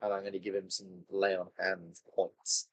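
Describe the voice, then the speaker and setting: A woman's voice: very deep voice, level tone, moderate pace, slight background noise, poor audio. A woman player in a tabletop game with a dry, teasing manner. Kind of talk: casual tabletop play.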